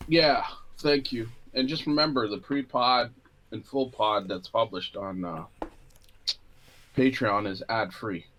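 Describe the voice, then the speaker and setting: A man co-hosting a casual podcast over a video call, talking in a laid-back, measured way. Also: lowish voice, a bit bright. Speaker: podcast co-host.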